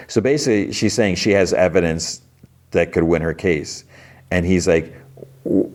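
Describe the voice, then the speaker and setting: A man hosting a podcast, casually recapping TV episodes in quick quoted bits, with fillers and restarts. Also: low voice, steady tone, darkish tone. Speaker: podcast host.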